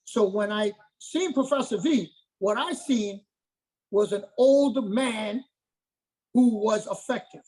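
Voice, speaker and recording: A man's voice: high voice, takes it slowly, darkish tone, slightly rough, rough recording. A middle-aged man, a martial arts master, talking as an interview guest in an emphatic, repetitive way, often checking in with "okay?". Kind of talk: casual interview talk.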